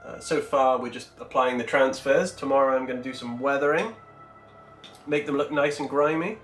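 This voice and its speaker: A man's voice: mid-range voice, moderate pace, fairly bright tone, echoey room, faint music behind. A man hosting a casual livestream while painting miniatures, chatty and rambling as he answers his chat, speaking into a Bluetooth microphone.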